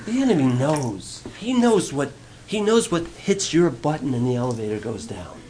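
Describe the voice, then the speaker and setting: A man's voice: fairly high pitch, very animated, moderate pace, background noise. A male pastor giving a conversational, playful sermon, asking the congregation questions.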